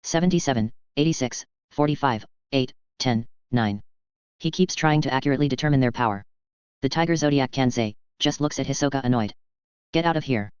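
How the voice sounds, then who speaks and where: Man, audiobook narrator, even reading, dry dull sound. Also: medium pitch, brisk, clean tone, no room sound. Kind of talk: reading fan fiction aloud.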